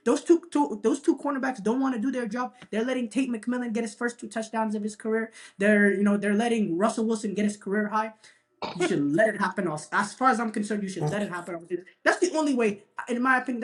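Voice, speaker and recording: A woman co-hosting a casual sports debate, emphatic and opinionated, with many "you know"s. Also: medium pitch. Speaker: sports podcast co-host.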